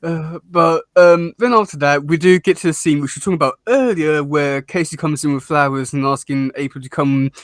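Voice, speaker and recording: A man co-hosting a casual episode review chat, talking in halting bursts with many restarts and fillers and laughing often. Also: on the high side, no room sound, studio quality. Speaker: podcast co-host reviewing a cartoon episode.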